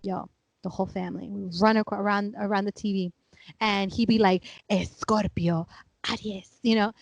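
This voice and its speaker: A woman's voice: mid-range voice, fast, vocal fry, dry recording, lo-fi sound. A woman in her thirties, a podcast co-host, telling stories in casual chat and acting out her family's voices. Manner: animated storyteller, acts out family members; laughing, chatty.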